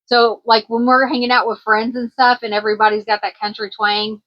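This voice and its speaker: A woman's voice: a little high, flat delivery, a little fast, lo-fi sound. A woman from Kentucky with a country twang, chatting casually in a craft vlog as a small business owner, rambling a little with plenty of ums. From Kentucky, USA. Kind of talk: casual show-and-tell vlog.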